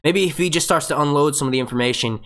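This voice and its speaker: Rapid-fire and fairly high-pitched, his voice carries a fairly bright tone. At home beside his phone, he hosts a fan review show, rambling through a live question-and-answer breakdown, reading viewer questions and beginning sentences again.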